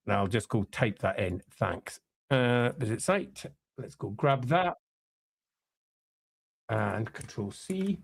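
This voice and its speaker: A man's voice: fairly low pitch, expressive, takes it slowly, gravelly, pauses often, slightly rough. A man from the UK chatting casually on a live stream, rambling with friendly asides. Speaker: streamer reacting to a trailer.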